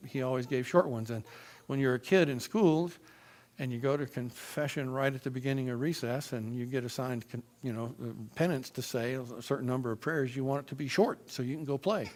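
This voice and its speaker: In church, a man from Florida gives his personal testimony in a mid-range voice. He tells it in an animated, emphatic storytelling style.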